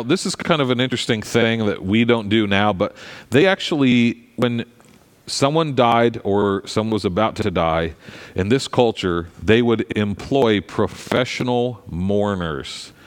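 A pastor giving a sermon in a conversational, animated way, with frequent asides to the congregation. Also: male voice, lowish voice, measured pace. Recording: long hall reverb.

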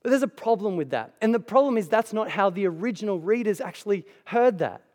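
A man with a high voice preaches a sermon in a church hall, his words trailing into long reverb. He speaks conversationally and emphatically, dropping casual asides to the congregation. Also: lively intonation, a little fast, darkish tone. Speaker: pastor.

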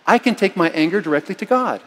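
A middle-aged male pastor delivering a storytelling sermon, his voice a touch higher than most men's. He swings from easy narration to sudden forceful bursts. The sound carries a long reverb from the church hall. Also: fast. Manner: storytelling, animated with sudden loud emphatic lines.

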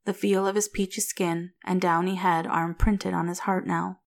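A woman reading a story aloud in a calm, steady narrator's voice. Her pitch sits slightly low and her delivery stays even and unhurried. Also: gravelly. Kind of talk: reading fan fiction aloud.

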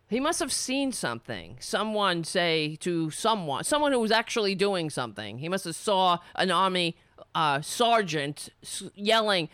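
A woman's voice: medium pitch, big pitch swings, moderate pace, fairly bright tone, smooth, no room sound. Profane, sarcastic woman ranting. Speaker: political commentator. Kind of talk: angry commentary rant.

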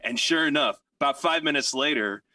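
A man telling a long anecdote in casual podcast chat, rambling and animated with many fillers and restarts. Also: medium pitch, brisk, distant mic.

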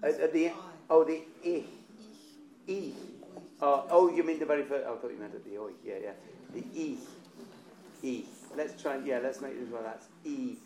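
A man's voice: mid-range voice, fast talker, few pauses, a little mellow, a little hiss or hum. A man leading a choir rehearsal, coaching vowels and singing short lines to demonstrate. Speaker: choir director. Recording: roomy echo with faint instrument.

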